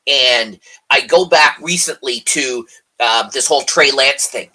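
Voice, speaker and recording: A man's voice: mid-range voice, a little slow, pushed and bright, slightly rough. A man co-hosting a live coffee chat stream, ranting hotly about football and swearing freely. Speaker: co-host. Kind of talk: casual chat. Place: live stream video call.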